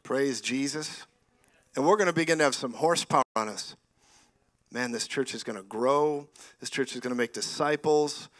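Bright, animated male preacher. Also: medium pitch, normal speed. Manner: animated, laughs often, rising to loud exclamations. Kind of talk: lively charismatic sermon.

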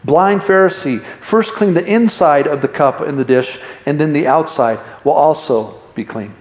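A man's voice: fairly high pitch, moderate pace. A middle-aged male pastor giving a conversational, jokey sermon to his congregation. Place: church hall. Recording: echoey church room.

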